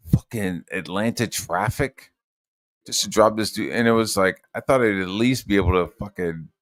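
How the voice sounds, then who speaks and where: A man's voice: low voice, no echo. A man hosting a casual chat, telling a rambling, profane story with lots of fillers.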